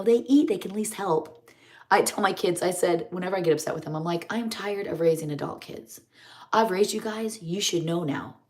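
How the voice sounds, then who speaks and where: A woman's voice: on the low side, a little mellow. A middle-aged woman chats in a rambling, homey way while doing her makeup on a live stream. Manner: rambling, homey, chatty storytelling.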